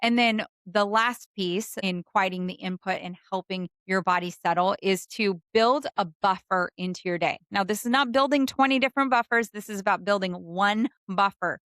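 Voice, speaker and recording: A woman's voice: medium pitch, normal speed, hardly any pauses, clean tone, no room sound. Earnest woman wellness host, dry sound. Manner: earnest, gentle, repeats phrases for emphasis. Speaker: podcast host and doctor. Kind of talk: faith-based wellness talk.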